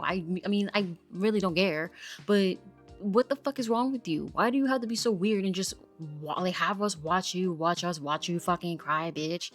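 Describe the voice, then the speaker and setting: A woman delivers a fed-up, profanity-laced commentary rant in a fairly low voice. Her talk is blunt and exasperated, and faint music plays underneath. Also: normal speed. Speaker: commentary host. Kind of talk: ranting commentary monologue.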